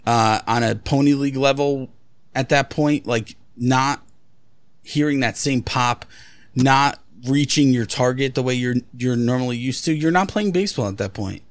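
A man's voice: medium pitch, moderate pace, no room sound. A man co-hosting a casual podcast chat, blunt and profane with strong opinions. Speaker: podcast co-host.

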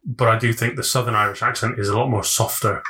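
A man's voice: lowish voice, fairly even intonation, quick pace, pushed and bright. A young man co-hosting a podcast, joking and swearing in loose casual banter. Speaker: podcast co-host.

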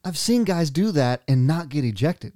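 A man telling a funny story in casual chat, laughing often and throwing in quick asides. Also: on the high side, animated, warm tone, no echo, clean studio sound.

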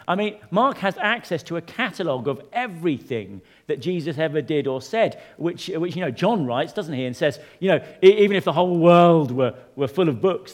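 Animated preacher man, lively swings. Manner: animated, swings from soft and low to loud emphatic rises; conversational asides to the congregation. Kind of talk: sermon.

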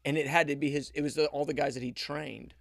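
A man's voice: fairly high pitch, flat delivery, fast talker, vocal fry, no echo, studio quality. A man in casual faith conversation, chiming in eagerly and retelling a story with many restarts.

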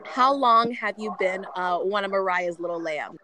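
A woman hosting a casual podcast, giggly and excitable. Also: medium pitch, moderate pace. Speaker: podcast host. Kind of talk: casual chat.

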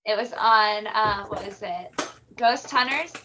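A woman from Illinois co-hosting a podcast, chatting in an animated way, laughing a lot and swearing casually. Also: medium pitch, slow pace, background noise. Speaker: podcast co-host. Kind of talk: casual chat.

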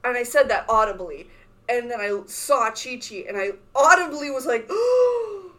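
A woman in her thirties chatting casually as a podcast co-host, an animated storyteller who laughs often and acts out voices. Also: on the high side, moderate pace. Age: 30s. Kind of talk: casual chat.

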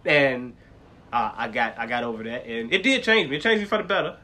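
A podcast co-host tells stories packed with profanity, animatedly doing impressions of the people he describes. His voice is mid-range and a little fast.

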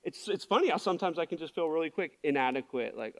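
A man's voice: on the high side, expressive, fast talker. A man preaching as a pastor, speaking candidly and confessionally, often restarting his sentences as he searches for words. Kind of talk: candid sermon.

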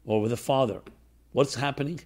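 A man speaks in an earnest, reflective storytelling tone, as a teacher recounts a moment to his class. His pitch sits in the middle range, and he stops and restarts now and then as his thoughts come. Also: fairly quick, darkish tone.

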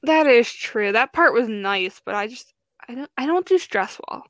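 A young woman with a slightly high voice, chatting casually and full of fillers and restarts. The sound is close and dry, with no room around her. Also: expressive, normal speed, fairly bright tone, no echo. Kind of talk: casual chat.

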